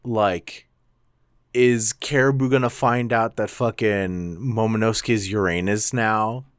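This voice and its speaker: A man's voice: lowish voice, fairly even intonation, measured pace, smooth, no room sound, studio quality. A man co-hosting a casual podcast chat, enthusiastic and swearing casually. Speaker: podcast co-host. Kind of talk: casual chat reviewing a chapter.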